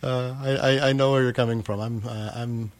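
A man interviews a guest on the radio. He talks haltingly, filling gaps with "uh" and repeating words as he gathers his thoughts. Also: mid-range voice, steady tone, slight background noise. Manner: hesitant, many "uh" fillers and repeated words. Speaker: radio host.

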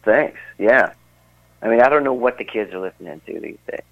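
A man's voice: lowish voice, lively intonation, brisk, vocal fry. A man, a musician guest, chatting casually and rambling through a story with many fillers, heard over a phone line. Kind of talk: casual interview chat.

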